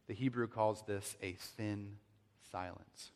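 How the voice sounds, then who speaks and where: A man with a low voice delivers a sermon that ringingly echoes through a large reverberant space. He acts out scripture passages with loud, pleading outbursts. Then he drops to a hushed, reverent tone. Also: steady tone, slow pace. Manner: dramatic, swings from loud acted pleading to hushed reverent tones. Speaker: pastor. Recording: long hall reverb.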